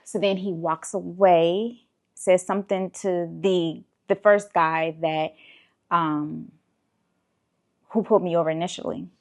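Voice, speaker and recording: A woman's voice: on the low side, a little slow. Exasperated woman telling a story. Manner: animated, exasperated retelling with profanity. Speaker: vlogger. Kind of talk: casual storytelling.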